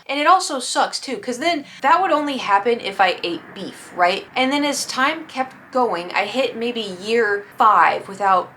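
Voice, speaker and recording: A young woman telling a casual storytime vlog, animated, acting out her own past panic and her friends' lines. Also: fairly high pitch, brisk, hardly any pauses. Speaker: vlogger.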